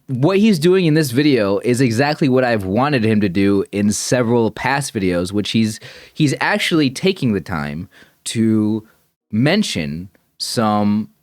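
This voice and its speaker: Lively, rambling young-sounding man streamer. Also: on the low side, unhurried, no echo, clean studio sound. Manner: rambling, self-correcting, laughs at himself. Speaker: streamer reacting to a puzzle video. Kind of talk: casual thinking-aloud commentary.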